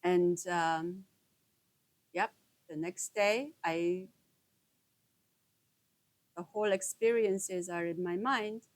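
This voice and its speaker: A woman slowly recounting a personal experience in an earnest, intimate way, breaking her sentences into short halting phrases. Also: lowish voice, fairly even intonation, low-quality recording. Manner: halting, broken into short pauses. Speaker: storyteller sharing a personal experience. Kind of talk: slow reflective personal storytelling.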